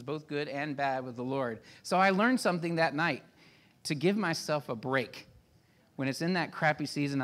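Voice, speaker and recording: A man's voice: fairly high pitch, a bit bright. A man in his fifties, a pastor giving a sermon in a casual, self-deprecating storytelling way.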